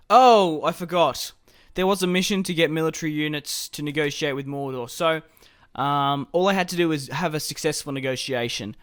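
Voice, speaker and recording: A man talks through his strategy game in a loose, think-aloud way, his voice smooth and clear. The sound is dry and close, with no room around it. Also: mid-range voice, fairly bright tone, no room sound. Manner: casual, thinking aloud while playing. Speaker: gaming YouTuber.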